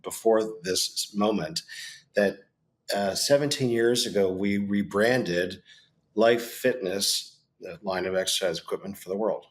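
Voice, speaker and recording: A man's voice: lowish voice, measured pace. A man who founded a branding agency, talking as a guest in a casual interview, emphatic and repeating words for stress.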